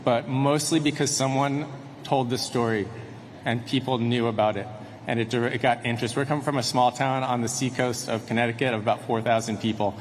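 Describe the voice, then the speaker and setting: A man's voice: mid-range voice, steady tone, a little fast. A man who runs a restaurant giving an earnest acceptance speech, with some restarts. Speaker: restaurant owner accepting an award. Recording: reverberant hall with faint noise.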